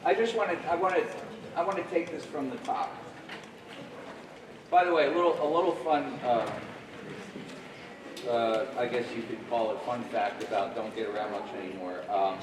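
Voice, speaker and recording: A man's voice: medium pitch, normal speed, long pauses, noisy background. Man coaching a school jazz band. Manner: friendly, scats rhythms aloud. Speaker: guest jazz clinician. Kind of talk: band rehearsal instruction. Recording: echoey room from far off.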